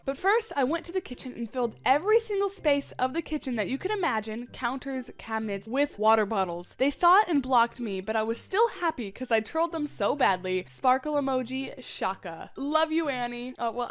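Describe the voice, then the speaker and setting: A young woman gaming YouTuber reading viewer confessions in a chatty, playful, teasing way. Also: fairly high pitch. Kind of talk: casual gameplay commentary reading viewer confessions.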